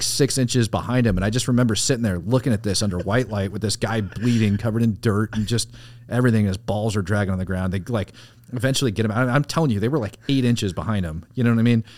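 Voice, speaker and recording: A man's voice: fairly low pitch, a little mellow, dry recording. A man co-hosting a casual podcast, rambling and profane, with lots of "like" and "you know". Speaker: podcast co-host, military veteran. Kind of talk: casual storytelling.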